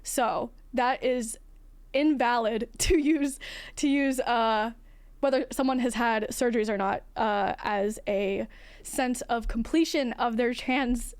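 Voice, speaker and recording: Candid non-binary streamer, light feminine voice. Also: female voice, fairly high pitch, slow pace, smooth. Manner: candid, frank, swears casually, laughs often. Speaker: livestream host. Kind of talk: casual livestream chat, reading chat.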